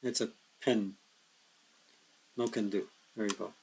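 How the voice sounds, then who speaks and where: A tired man thinking aloud in a slow mutter as he plays a board wargame solo, counting hexes and working out dice rolls. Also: on the low side, steady tone, vocal fry, darkish tone, a little hiss or hum, low-quality recording. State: tired, yawning.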